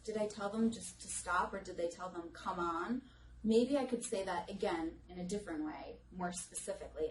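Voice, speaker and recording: A woman's voice: mid-range voice, slight background noise. A woman speech language pathologist giving a live lecture to an audience in a conversational way, now and then acting out what children and parents say. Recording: echoey room recorded from a distance.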